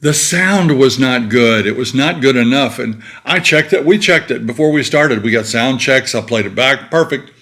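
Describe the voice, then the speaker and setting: A man's voice: mid-range voice, moderate pace, hardly any pauses, a bit bright. An older man co-hosting a casual chat show with his wife, joking in a folksy way and reading viewer mail aloud. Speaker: co-host of a retiree channel.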